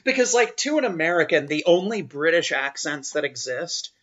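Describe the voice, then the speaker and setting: A man's voice: a little high, big pitch swings, normal speed, fairly bright tone, lo-fi sound. A man who is a game developer, chatting as a podcast guest in a laid-back, blunt way. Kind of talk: casual chat.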